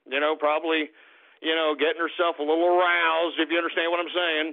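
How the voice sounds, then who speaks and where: Brash, profane talk radio host. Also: male voice, a little high, flat delivery, fairly quick, vocal fry. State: tipsy from beer. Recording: tinny phone-like line.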